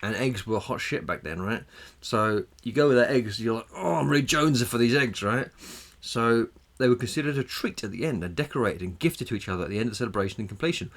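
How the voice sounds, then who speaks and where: A man's voice: mid-range voice, fast, hardly any pauses, a bit bright. A man co-hosting a casual podcast, sharing trivia in a chatty way and swearing freely. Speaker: podcast co-host. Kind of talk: casual banter.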